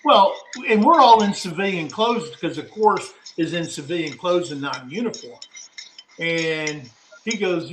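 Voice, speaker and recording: Man, middle-aged, slow unhurried delivery, slightly high voice, rambling storyteller, echoey room. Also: expressive, noisy background. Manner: rambling anecdotal, acts out quotes. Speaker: co-host of a live talk show. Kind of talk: casual storytelling chat.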